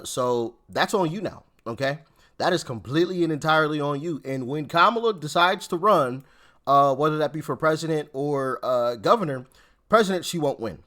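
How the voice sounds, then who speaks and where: Man with a lively, incredulous voice. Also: on the high side, moderate pace. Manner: incredulous, repetitive rhetorical questions. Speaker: commentary channel host. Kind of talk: casual reaction commentary.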